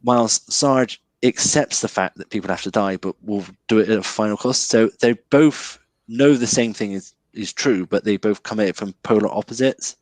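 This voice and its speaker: A man's voice: on the low side, moderate pace, hardly any pauses, no echo. A man talking about a film as a guest in a casual chat, hesitant and full of restarts. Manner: hesitant, restarts with many ums.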